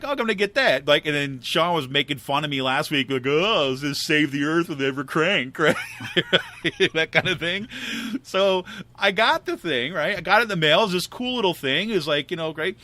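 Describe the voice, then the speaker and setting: Animated, laughing male podcast co-host. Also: fairly high pitch. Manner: animated storyteller, laughs often, acts out his own lines. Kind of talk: casual chat.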